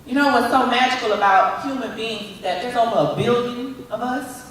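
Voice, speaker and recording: High-voiced woman speaker in echoey hall. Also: fairly quick, distant mic, slight background noise. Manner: animated, coaxing, repetitive calls. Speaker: motivational speaker. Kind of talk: motivational talk with audience volunteers.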